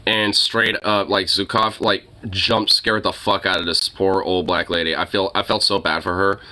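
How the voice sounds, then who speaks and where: A man's voice: low-pitched, level tone, moderate pace, bright, forceful tone, rough recording. A young man chatting casually with his viewers, rambling with lots of fillers and swearing. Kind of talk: casual chat.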